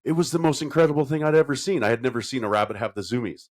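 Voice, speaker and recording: A man co-hosting a podcast in casual chat, telling stories in an animated way and jumping into a high silly voice now and then. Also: racing. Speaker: podcast co-host.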